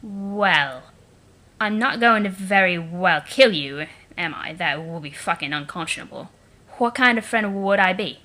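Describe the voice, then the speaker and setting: A woman's voice: on the low side, lively intonation, measured pace, bright, forceful tone. A woman doing a brash young male troll with a mangled British accent. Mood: sneering. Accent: mangled British, vaguely Liverpool or Cockney. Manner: swaggering, sneering, heavy swearing. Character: arrogant young male troll prince, brash and foul-mouthed.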